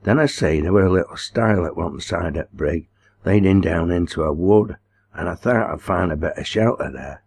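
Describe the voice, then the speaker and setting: A man voicing a small, solemn village man from the north of England, telling a long tale slowly in broad dialect. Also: deep voice, vocal fry, darkish tone, husky, heavily acted.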